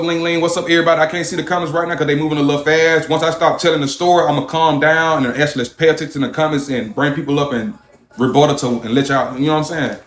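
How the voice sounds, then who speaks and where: A man livestreaming, telling a story in an animated, profane way and thanking viewers for their gifts. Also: fairly high pitch. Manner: animated, profane storytelling, shouting when worked up. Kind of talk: live-stream storytelling. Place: a hot room. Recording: roomy echo.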